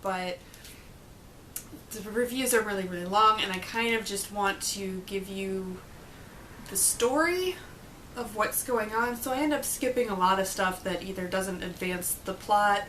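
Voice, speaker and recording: A woman's voice: mid-range voice, fairly bright tone, a little hiss or hum, rough recording. Sarcastic young woman vlogging. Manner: sarcastic, blunt, swears. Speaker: book reviewer vlogger. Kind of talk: casual chat to camera.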